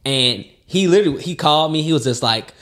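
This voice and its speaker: Animated man co-hosting a casual chat. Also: on the high side, fast talker. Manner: animated storytelling, acts out quoted voices, laughs often. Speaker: podcast co-host.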